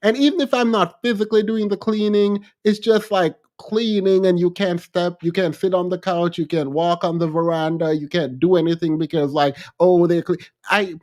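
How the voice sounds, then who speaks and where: A man's voice: high-pitched, moderate pace, hardly any pauses. A man from Jamaica with a Jamaican accent, chatting casually on a livestream and reading out comments, playful and repetitive, often laughing. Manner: animated, playful, repeats himself, laughs often. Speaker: livestream host.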